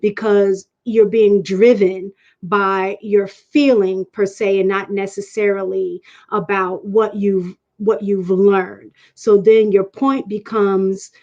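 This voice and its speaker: A woman speaks as a panel guest, laying out her point step by step in a measured way, often restarting her words. Her voice sits at a middle pitch. The audio sounds dull and slightly muffled, like a lo-fi line. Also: little pitch movement, darkish tone. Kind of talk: explanatory casual talk.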